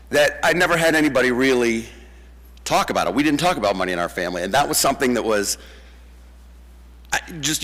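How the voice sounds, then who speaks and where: A man tells lively, animated stories at a memorial and acts out the voices of the people in them. His speaking voice is mid-pitched. A long church reverb trails after each phrase. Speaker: eulogy speaker. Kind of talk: storytelling memorial tribute. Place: church sanctuary.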